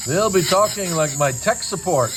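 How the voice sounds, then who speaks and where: A man's voice: sits high, lively intonation, moderate pace, noisy background. A man demonstrating dental lab work in a casual teaching style, with joking asides. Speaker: dental technician. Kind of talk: hands-on demonstration. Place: dental laboratory.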